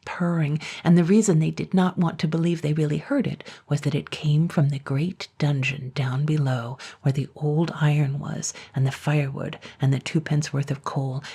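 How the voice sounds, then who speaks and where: Brief: calm, unhurried woman storyteller reading a fairy tale, gravelly low voice.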